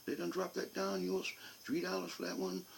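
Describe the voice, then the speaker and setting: A man's voice: high-pitched, flat delivery, a little fast, gravelly, a little hiss or hum, voice pushed up. A man voicing his grown son, who over-explains things in a raised drawl. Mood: explaining.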